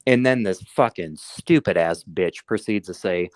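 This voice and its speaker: A man's voice: on the low side, expressive, normal speed, hardly any pauses, dry recording, clean studio sound. A man co-hosting a casual podcast, telling a heated story full of swearing. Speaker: podcast co-host. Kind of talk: casual chat.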